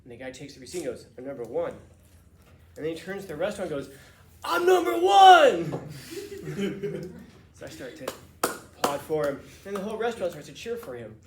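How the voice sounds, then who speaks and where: A man teaching a class, telling a casual, animated story with restarts and laughs. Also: on the high side, racing, reverberant.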